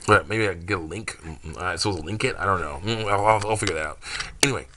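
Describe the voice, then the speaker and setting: Male, low and bright, loose rambling monologue, laughs often. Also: quick pace, a little hiss or hum. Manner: rambling, many fillers, frequent laughs. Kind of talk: casual monologue about his fan story.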